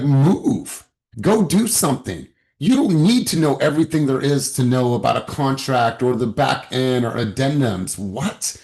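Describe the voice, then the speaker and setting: A man's voice: medium pitch, a little mellow. A man leading a motivational sales coaching session over a video call, emphatic and exhorting, with occasional swearing.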